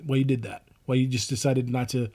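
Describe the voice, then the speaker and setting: A man's voice: mid-range voice, little pitch movement, warm tone, husky. A young man co-hosting a casual podcast chat, often breaking off and restarting as he makes his points. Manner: halting, restarts often while making a point. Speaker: podcast co-host.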